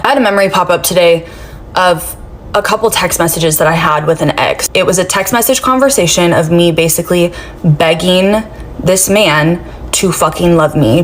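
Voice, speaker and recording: Woman, blunt and profane, casual monologue, somewhat low voice. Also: slight background noise. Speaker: advice speaker. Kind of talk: casual straight-talk monologue.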